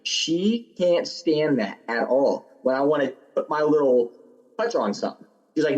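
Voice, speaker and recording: A man's voice: on the high side, animated, moderate pace, darkish tone, dull audio. A man chatting casually as a guest on a podcast, sharing stories about cooking and family dinners. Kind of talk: casual chat.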